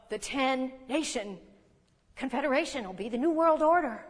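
An older woman teaches scripture in a folksy, conversational way, dropping chuckling asides and rhetorical questions. Her voice sits fairly high. It carries a long reverb, as in a big hall. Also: animated, measured pace, husky. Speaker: Bible teacher.

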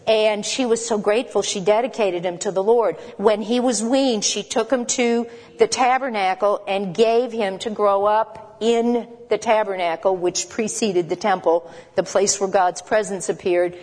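Woman, Bible lesson teacher, conversational, emphatic, quick asides, long reverb. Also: medium pitch, fairly even intonation, a little mellow.

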